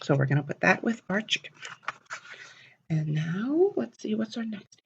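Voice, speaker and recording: A woman librarian reading a picture book aloud at a children's storytime, animated and asking the kids questions. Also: medium pitch, normal speed, creaky, slight background noise. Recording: dull lo-fi recording.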